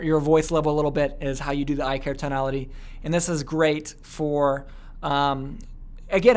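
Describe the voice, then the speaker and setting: Chatty young man teaching sales. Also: fairly high pitch. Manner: chatty, repeats words, many okays and likes. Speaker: sales coach. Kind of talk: casual online course talk.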